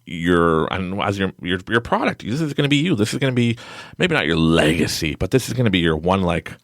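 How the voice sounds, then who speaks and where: Man, podcast host, rambling casual chat, lively swinging pitch, dry close sound. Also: fairly quick, dry recording. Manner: rambling, animated storyteller who laughs often.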